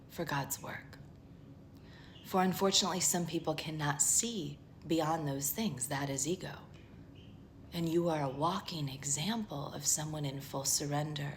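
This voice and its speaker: Low-voiced woman giving a spiritual pep talk. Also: unhurried, slight background noise. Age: 30s. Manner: earnest, emphatic, lists things; often drops to a hushed, breathy near-whisper. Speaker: spiritual tarot reader.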